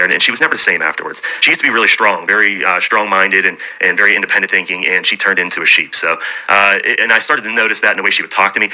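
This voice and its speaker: A man's voice: low-pitched, bright, forceful tone, rough recording. A man in a played clip recounting his own story in a rambling way, full of restarts. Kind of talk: personal storytelling.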